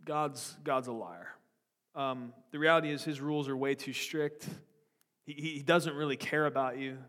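A man's voice: on the high side, level tone, moderate pace, fairly bright tone. A man preaching a sermon in a church, blunt and confrontational with joking asides. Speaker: pastor. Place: church sanctuary. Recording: long echo of a large hall.

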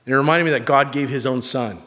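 Pastor, male, animated self-deprecating storyteller, sermon in a reverberant hall. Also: medium pitch, fast talker.

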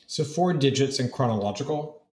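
A man's voice: mid-range voice, lively intonation, moderate pace. A man playing as a guest in an audio puzzle game, working through clues aloud with frequent restarts. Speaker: guest player. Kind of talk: casual game chat. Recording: roomy echo.

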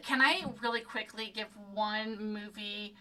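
A woman co-hosting a podcast in casual chat, talking in a chatty, excitable way with lots of fillers. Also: mid-range voice, measured pace, crowd noise. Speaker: podcast co-host.

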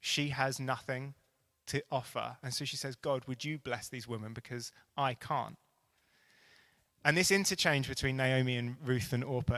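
Bright-voiced man preaching. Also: mid-range voice. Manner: earnest storytelling, building to animated emphasis. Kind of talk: sermon.

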